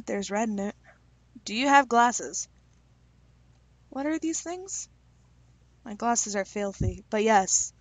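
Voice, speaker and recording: A young woman reading quiz questions aloud and answering them with quick, self-deprecating jokes in a casual vlog. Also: on the high side, no room sound. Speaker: YouTuber taking online quizzes.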